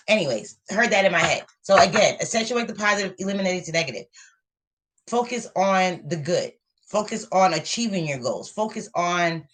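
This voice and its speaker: This tarot reader's voice is fairly low and a bit bright. Reading live for viewers, she repeats herself for emphasis in a motivational, affirming way.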